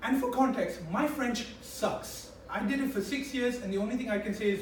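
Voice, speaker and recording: A young man from India with an English accent that still carries some Indian traces, performing a swearing, animated stand-up set for a few friends. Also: very high-pitched, a little fast, a little hiss or hum. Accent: Indian-English, mostly English. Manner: animated, acting out voices, swearing. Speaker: stand-up comedian. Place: small room with a few friends. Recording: echoey room from a far mic, faint ambience.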